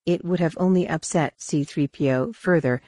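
Low-voiced woman narrating an audiobook. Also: no room sound, studio quality. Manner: measured, expressive reading. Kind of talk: scripted narration.

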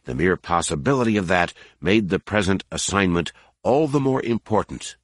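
A male narrator with a very deep voice, reading a novel in a measured, even way. The sound is dry and close, with no room around it. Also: no room sound. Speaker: audiobook narrator. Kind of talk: scripted narration.

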